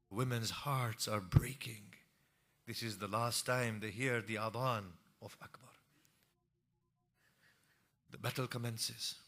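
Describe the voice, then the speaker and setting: A male preacher delivers a mournful sermon at an unhurried, measured pace. His voice is forceful and pressed, moving between hushed grief and impassioned, rising cries. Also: on the low side, fairly even intonation. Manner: grieving recital that swells from hushed to impassioned cries.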